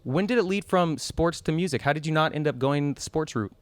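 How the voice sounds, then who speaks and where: A man hosting a podcast, chatting and asking quick, upbeat questions in a casual interview. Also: fairly high pitch, no room sound. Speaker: podcast host.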